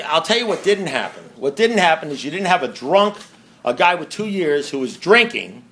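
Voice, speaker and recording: With a voice on the high side and a bit bright, another man shares a story with a recovery meeting audience. He rambles and mocks himself, frequently turning aside to address those listening.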